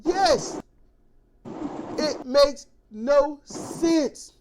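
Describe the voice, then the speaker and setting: Woman ranting in a casual political chat, higher voice, noisy recording. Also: very slow. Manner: animated ranting, mimicking others in quotes.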